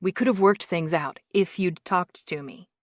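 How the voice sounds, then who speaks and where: A woman voicing a restrained, low-voiced man. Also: normal speed, no echo, studio quality, lightly acted. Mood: restrained, steady. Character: guarded man, quiet and steady. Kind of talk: audiobook narration.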